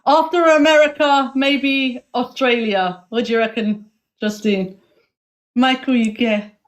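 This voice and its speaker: A woman's voice: fairly high pitch, fairly even intonation, measured pace. A woman hosting a livestream in casual chat, brash and foul-mouthed, often laughing. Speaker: livestream host.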